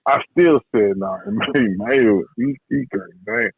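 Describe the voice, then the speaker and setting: A man who trains boxers tells stories about his mentor in a relaxed, slangy way, often repeating himself. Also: medium pitch, unhurried, creaky, slightly rough, no echo. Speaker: boxing trainer, guest. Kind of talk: casual interview talk. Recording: dull podcast audio, dry.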